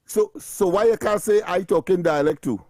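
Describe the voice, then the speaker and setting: A Trinidadian man co-hosts a radio call-in, teasing and laughing as he talks over the caller. His voice sits a little high. The studio sound is dry and close. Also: normal speed, darkish tone, no room sound. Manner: playful, laughs a lot, talks over others. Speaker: radio co-host. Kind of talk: casual call-in banter.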